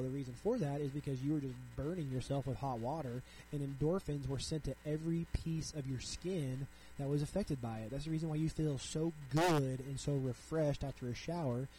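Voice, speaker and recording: Chatty young dad podcasting solo. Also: male voice, medium pitch, mellow, slight background noise, rough recording. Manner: chatty, frequent "like", reads articles aloud then riffs. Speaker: podcast host. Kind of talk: casual solo podcast commentary.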